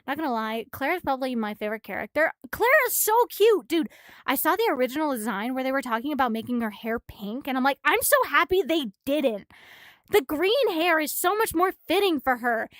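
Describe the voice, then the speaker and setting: A woman streams from her room, reading a comic aloud and rambling about it in a high voice. She sounds a little out of breath, gushing and swearing freely. The sound is dry and close. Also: fairly bright tone, no echo.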